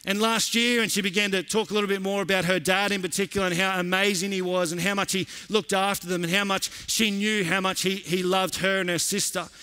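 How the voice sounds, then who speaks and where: Male pastor, sermon, high pitch, bright tone, impassioned. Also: level tone, fairly quick, hardly any pauses, clear, resonant tone. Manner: earnest storytelling, building to impassioned emphasis. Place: church auditorium, preaching live to a congregation.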